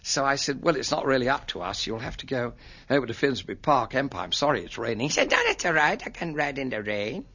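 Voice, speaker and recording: A man's voice: mid-range voice, quick pace, slightly rough, muffled recording. A man telling an anecdote, acting out voices as he goes. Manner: animated, acts out the voices in his story. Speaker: interviewee. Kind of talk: storytelling anecdote.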